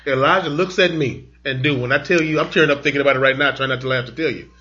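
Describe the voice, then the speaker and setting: Guy around 40 telling funny stories, bright voice, kinda muffled lo-fi audio. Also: medium pitch, fast talker. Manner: animated storyteller, acts out his kids' lines. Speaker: podcast co-host. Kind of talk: casual chat. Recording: dull lo-fi sound.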